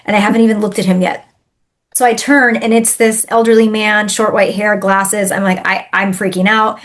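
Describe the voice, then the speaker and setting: A woman, a spiritual healer, telling a personal story in a podcast interview in an animated, emphatic way. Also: medium pitch, moderate pace.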